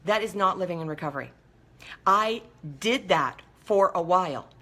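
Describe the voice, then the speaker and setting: A woman hosting a motivational talk show, speaking in an animated, playful way and acting out little voices. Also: lowish voice, moderate pace. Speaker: show host.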